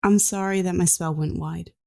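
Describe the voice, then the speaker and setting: A woman's voice: fairly low pitch, fairly even intonation, moderate pace, vocal fry, mellow. Woman doing an exasperated half-elf mage woman. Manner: terse, exasperated.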